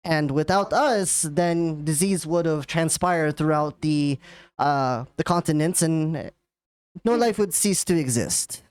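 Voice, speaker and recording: A woman's voice: deep voice, takes it slowly, darkish tone, no echo. A woman voicing a stern female official with a thick put-on Russian accent.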